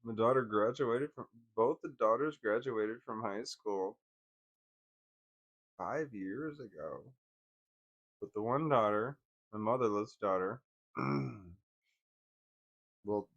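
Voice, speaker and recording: A man in his forties casually telling personal stories, wry and laughing at first, trailing off into bitter quiet. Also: fairly low pitch, slow pace, pauses often. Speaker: vlogger.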